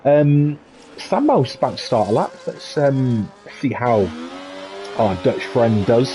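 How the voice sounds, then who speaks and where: A man's voice: medium pitch, animated, slow pace, low-quality recording. A man with a British accent giving chatty, joking solo commentary on an online racing league and answering viewer messages. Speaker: esports race commentator. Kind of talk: live solo commentary with chat replies.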